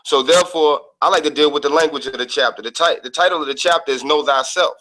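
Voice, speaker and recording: Bright, methodical male guest teacher. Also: on the high side, fast, rough recording. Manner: calm, methodical, defines words step by step. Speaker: guest speaker. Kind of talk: lesson on an online call.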